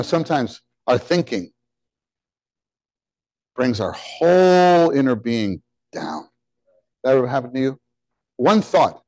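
A male preacher delivers an animated, conversational sermon, often putting questions to his listeners. He swings between emphatic, almost shouted words and soft, hushed asides, and his voice sits at a middling pitch. The sound is close and dry, with no room echo. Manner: animated, rising to near-shouts on key words; drops into soft, quiet asides when quoting God.

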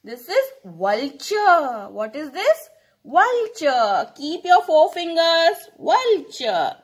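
A woman teaching preschool children, saying each word slowly and repeating it for them to echo. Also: sits high, very animated. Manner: slow, sing-song, repeating words for children to echo. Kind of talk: recorded lesson for young children.

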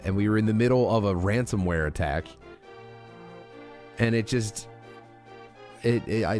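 A man with a fairly low voice telling a comedy story on a stream. He rambles, swears, and keeps restarting his sentences, while faint music plays in the background. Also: darkish tone. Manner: rambling, profane, lots of restarts.

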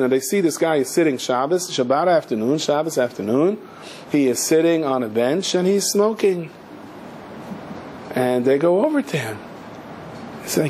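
A male rabbi giving a sermon through a long story, his voice somewhat high and very expressive. He drops into the characters' voices and comes back to plain narration, with a faint room hum underneath. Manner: animated, acts out the characters in a story.

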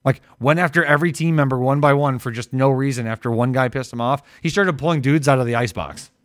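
A man's voice: mid-range voice, fast talker, no room sound, studio quality. A man from Ohio co-hosting a casual live-stream chat, joking and riffing with his co-host. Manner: joking, riffs into loud impressions.

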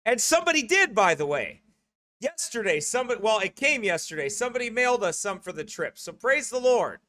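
Brief: middle-aged US pastor, high bright voice, dry close sound, chatty and rambling. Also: male voice, sing-song, fairly quick, no echo. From United States. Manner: rambling, joking asides. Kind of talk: church announcements before a sermon.

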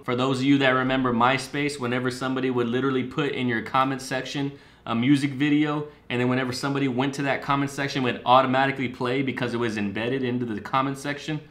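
A man hosting a reaction video, excitedly and profanely breaking down rap lyrics line by line. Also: mid-range voice. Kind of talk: casual commentary.

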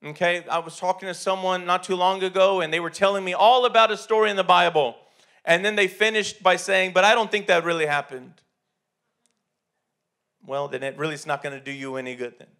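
A man's voice: sits high, fast, fairly bright tone. A man preaching a sermon in a church, talking conversationally with many restarts and repeated words. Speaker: pastor.

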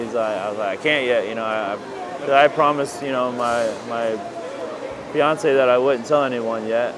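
A man reflecting in an interview about a close friend, soft-spoken and full of "you know". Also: medium pitch, normal speed, a crowd in the background. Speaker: close friend and former roommate. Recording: noisy background hum.

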